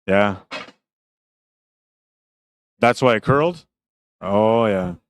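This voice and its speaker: Deep-voiced man commentating pool. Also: drawn-out words, slight background noise. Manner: relaxed, chatty, laughs often. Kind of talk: live stream commentary with chat reading. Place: tournament venue.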